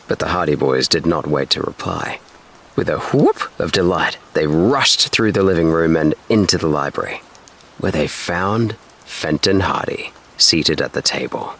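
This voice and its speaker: A man reading a classic adventure novel aloud as a calm, steady bedtime story. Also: rumbling low. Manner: slow, steady, soothing. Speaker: narrator.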